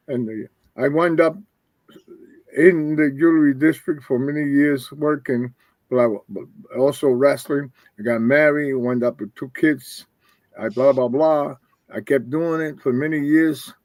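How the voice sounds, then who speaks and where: A man's voice: mid-range voice, steady tone, unhurried, a little mellow, dry recording. An older man and retired wrestler telling rambling stories as a guest, acting out the voices of people he quotes. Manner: rambling, acts out quoted dialogue. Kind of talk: casual storytelling.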